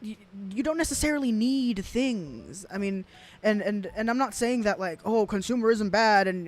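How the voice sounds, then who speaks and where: Blunt, profane young woman streamer. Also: mid-range voice. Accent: South Texas. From South Texas. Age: 20s. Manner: blunt and profane, with laughing asides and rambling restarts. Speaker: streamer reacting to clips. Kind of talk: casual commentary stream.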